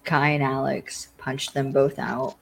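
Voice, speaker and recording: A podcast host rambles through a casual TV episode recap, saying "like" constantly, dropping in lots of fillers and acting out the characters' lines. The voice is medium-pitched, gravelly and a little slow, with a completely flat delivery. The recording is rough, with a bit of hiss or hum.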